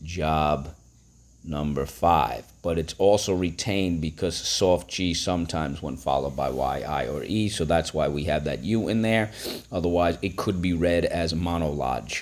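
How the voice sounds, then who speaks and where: A man's voice: a bass voice, unhurried. A man teaching a phonics lesson, breaking words into syllables and prompting listeners to repeat.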